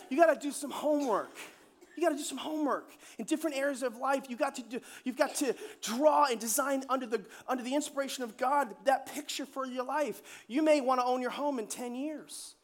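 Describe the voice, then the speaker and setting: High-voiced man preaching a sermon. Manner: animated storytelling, repeats key phrases, asks the room questions. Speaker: pastor.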